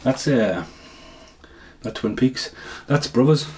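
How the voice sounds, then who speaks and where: A man's voice: mid-range voice, expressive, slow, a little mellow. Rambling, foul-mouthed guy reviewing films. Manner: rambling, swears a lot, laughs at own jokes. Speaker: film reviewer. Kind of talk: casual movie review rant.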